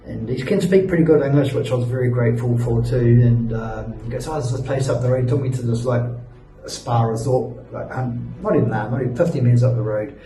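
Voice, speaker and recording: A young man, worn out after a long day of riding, talks through his story in a loose, rambling way full of fillers and sighs. His tone is mellow. He sounds a little way off the mic in an echoey hotel room, with faint music behind him. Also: medium pitch, brisk, far from the mic. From New Zealand. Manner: laid-back, rambling, many fillers and sighs. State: tired after a long ride. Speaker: travel vlogger. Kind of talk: casual storytelling to camera.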